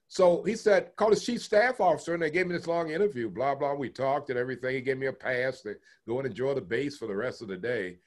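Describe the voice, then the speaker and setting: An older man from Texas being interviewed, telling long stories from his life with chuckles and lively quoted voices. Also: medium pitch, fast talker, few pauses. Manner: animated storyteller, chuckles, acts out quoted voices. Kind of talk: oral history storytelling.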